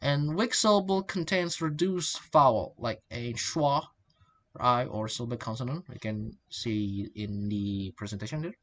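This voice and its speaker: A man's voice: mid-range voice, unhurried, a bit bright. A young man, presenting a class talk and often repeating and restarting words. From Indonesia. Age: young adult. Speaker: student presenter.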